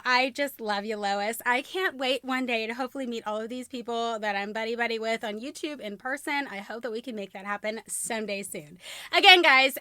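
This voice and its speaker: A woman's voice: on the high side, pushed and bright. A woman hosting her own vlog, chatting casually to camera, bubbly and laughing at her own flubbed lines as she retakes them. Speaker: vlog host.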